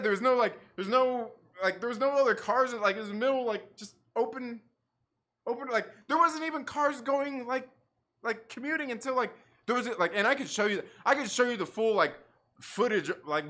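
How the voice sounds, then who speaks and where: Guy with a high bright voice, chatty livestream host, swears a lot, keeps laughing, lots of likes. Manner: rambling, profane, many likes and restarts; laughs often while talking. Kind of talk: casual livestream chat.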